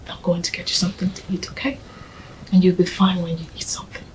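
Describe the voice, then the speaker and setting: An actress playing a gentle young woman who tenderly coaxes her grieving partner, often speaking in a hush. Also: lowish voice, very fast, slight background noise, close to an everyday voice, low-quality recording. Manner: tender and coaxing, often hushed. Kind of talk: film drama acting.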